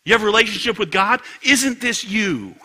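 A male pastor preaching a sermon, asking rhetorical questions and swinging from loud emphasis to hushed asides. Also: high voice, expressive, moderate pace.

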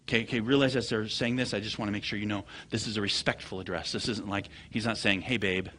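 A man preaching a sermon, telling stories with animated swings from low murmurs to loud high bursts. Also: quick pace, slight background noise. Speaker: pastor.

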